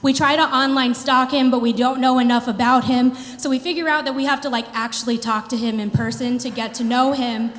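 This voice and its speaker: A woman in her thirties performing a stand-up comedy routine, telling an animated story with playful put-on quotes. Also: high voice, brisk, hardly any pauses. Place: theater stage before a live audience. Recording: reverberant hall with faint ambience.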